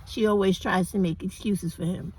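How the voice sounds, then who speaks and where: A woman's voice: medium pitch, steady tone, normal speed, darkish tone, slightly rough, poor audio. A middle-aged woman, talking bluntly and preachily in a casual, profane opinion monologue. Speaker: commentary vlogger.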